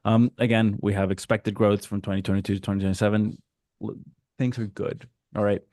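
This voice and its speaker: A man from Mexico giving a casual, animated webinar presentation over a video call, slipping into quick voices for customers. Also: lowish voice, dry recording, clean studio sound. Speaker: guest speaker.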